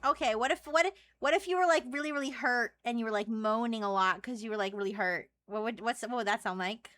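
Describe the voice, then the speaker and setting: A woman's voice: on the high side, quick pace, fairly bright tone, no room sound, clean studio sound. A woman streamer chatting casually and teasingly, often stammering through her questions. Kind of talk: casual live-stream chat.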